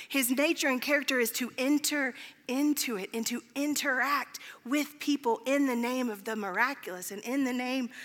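A woman preaching a sermon, telling stories in a conversational, animated way with filler words. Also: sits high. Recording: long hall reverb.

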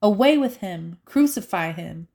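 A woman voicing a group of angry male religious leaders who make loud, insistent demands. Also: medium pitch, moderate pace, close to an everyday voice. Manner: insistent, shouting.

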